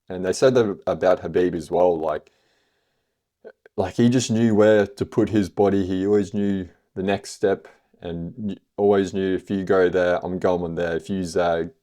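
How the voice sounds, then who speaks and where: A man's voice: sits low, warm tone. A man hosting a casual fight review podcast, rambling with lots of fillers and the odd swear word. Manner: rambling, heavy on fillers like "you know" and "like". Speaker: MMA podcast host.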